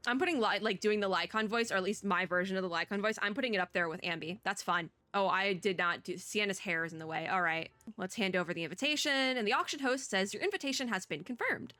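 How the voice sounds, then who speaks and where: A woman's voice: medium pitch, fast, hardly any pauses, bright, forceful tone, dry recording. A young woman streamer chatting and joking while reading game dialogue aloud in a let's play. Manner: chatty, joking, laughs often. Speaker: VTuber streamer.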